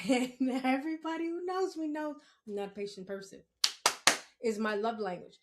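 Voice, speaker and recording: A woman's voice: medium pitch, normal speed, slight background noise. A young woman from Queens, hosting a spiritual podcast in a chatty, blunt monologue, laughing often and swearing freely. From Queens, New York. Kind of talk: casual solo podcast monologue.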